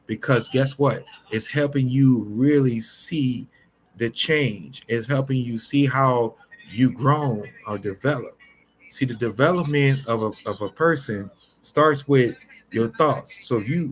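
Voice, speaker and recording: A man of medium pitch gives an unscripted motivational talk straight to his viewers, calling them y'all. He is earnest and repeats himself, often breaking off and restarting sentences. Faint ambient noise sits behind his voice. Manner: earnest, repetitive, many restarts; addresses listeners directly as y'all. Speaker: motivational vlogger.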